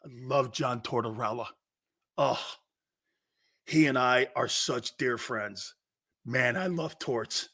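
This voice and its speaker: A man hosting a sports talk show, brash and excitable, laughing often as he needles his co-hosts. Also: medium pitch, slow, long pauses. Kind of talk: loud opinionated sports radio talk.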